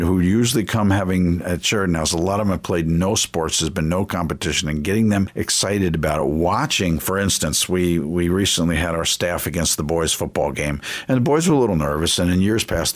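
Deep-voiced middle-aged man telling stories. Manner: animated storyteller, self-mocking humor. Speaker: radio host, family ministry leader. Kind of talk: conversational radio talk.

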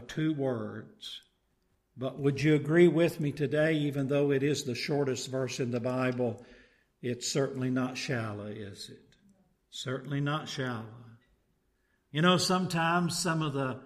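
A man preaching a sermon, reading a scripture passage aloud and then preaching on it with rhetorical tag questions. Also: medium pitch. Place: church.

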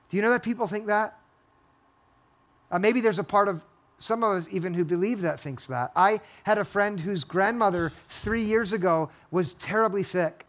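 A man with a high-pitched voice preaches in a church hall, moving between storytelling and a run of rhetorical questions. His delivery is that of a pastor addressing his congregation. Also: normal speed, a bit bright. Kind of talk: sermon.

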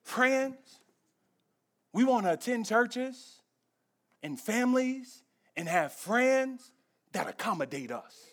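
A man pastor preaching a sermon to his church, emphatic and humorous, swinging from quiet reflection to loud exhortation while speaking straight to the congregation. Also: very high-pitched, very animated, slow, pauses often. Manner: addresses the congregation directly, storytelling with humor. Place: church service.

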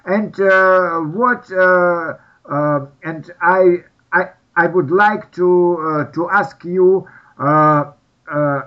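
A man with a Russian accent asking questions in English, halting and searching for words. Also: a little high, a bit bright. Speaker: interviewer. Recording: dull muffled audio.

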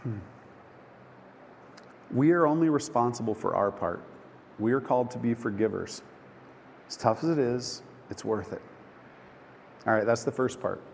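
A man preaching a sermon, telling a personal story with emotion, halting and restarting often. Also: mid-range voice, vocal fry. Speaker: pastor. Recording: long hall reverb, faint background noise.

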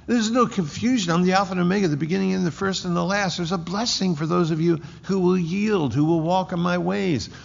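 Gravelly-voiced man preaching an emphatic sermon. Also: fairly high pitch. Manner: emphatic, repeating key words. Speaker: pastor. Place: church sanctuary. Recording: dull lo-fi recording in a reverberant hall.

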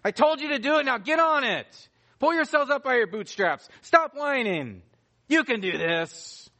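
A man's voice: very high voice, expressive, normal speed, pushed and bright, voice pushed up, heavily acted. A man voicing an impatient, bossy male taskmaster who scolds and barks commands at his listeners. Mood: scolding.

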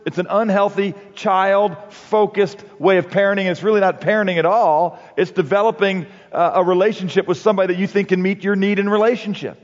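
A man giving a sermon-like talk on marriage and parenting, conversational and halting, with frequent restarts and "you know.". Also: sits high, steady tone. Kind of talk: sermon-like talk with anecdotes and quotes. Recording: dull recording with long hall reverb.

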